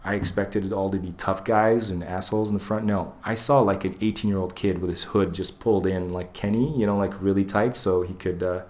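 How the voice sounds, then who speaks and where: A man with a deep, low voice tells a tale on a casual podcast, swearing freely and slipping into the voices of the people in it. He keeps the talk loose and animated. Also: a little fast, few pauses. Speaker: podcast co-host. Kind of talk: casual storytelling chat.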